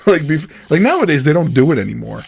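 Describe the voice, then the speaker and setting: A young adult man with a slightly husky voice, co-hosting a relaxed podcast. He rambles from one story to the next, laughs often and swears casually. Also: a little high, brisk. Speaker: podcast co-host. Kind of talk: casual chat.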